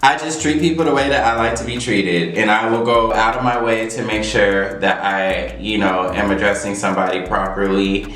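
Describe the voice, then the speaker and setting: A man's voice: on the low side, a bit bright. Frank young man vlogging in a roomy space. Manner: frank, opinionated, conversational, lots of "like". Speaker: beauty vlogger. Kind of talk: candid casual monologue while doing makeup. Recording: roomy echo.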